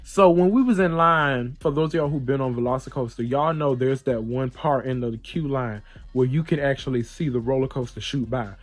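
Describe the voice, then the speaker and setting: A man's voice: mid-range voice, normal speed, few pauses. A man hosting a podcast, telling a story in a casual, playful way and acting out the voices of the people in it. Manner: animated, playful, acts out the voices in his stories. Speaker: podcast host.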